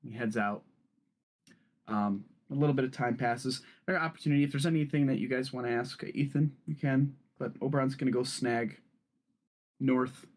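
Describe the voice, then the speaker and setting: A man's voice: mid-range voice, moderate pace. A man narrating a tabletop role-playing game as game master, in a casual way with many fillers.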